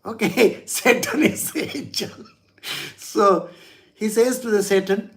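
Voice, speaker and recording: A man's voice: sits high, slow, fairly bright tone. A man, a spiritual teacher telling a religious story in a chatty way, with frequent chuckles and "you know" asides.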